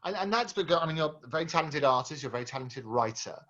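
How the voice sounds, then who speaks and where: A man hosting an interview, asking questions haltingly with many restarts. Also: on the high side, lively intonation, fairly bright tone. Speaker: interview host. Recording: dull lo-fi sound.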